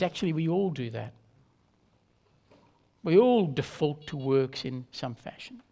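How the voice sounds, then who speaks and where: A man, a pastor, preaching a sermon in an earnest, measured way, leaning on emphatic repetition. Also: high-pitched, creaky, darkish tone.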